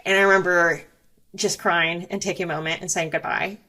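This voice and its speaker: A young woman speaks as an interview guest, recounting a hard personal experience. Her voice sits a little low, and she talks candidly and reflectively, with frequent fillers. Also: fairly even intonation, a little fast, sharp tone.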